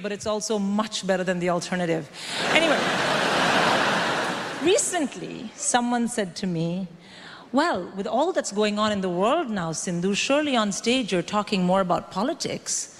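A woman in her forties doing a stand-up comedy set, brash and animated, acting out the people she quotes. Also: mid-range voice, moderate pace. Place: comedy stage before a live audience. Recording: stage mic in a reverberant hall with audience noise.

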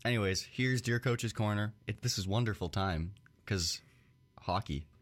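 A man's voice: on the low side, moderate pace. A young man hosting a casual radio show from a small studio, joking and teasing his guest.

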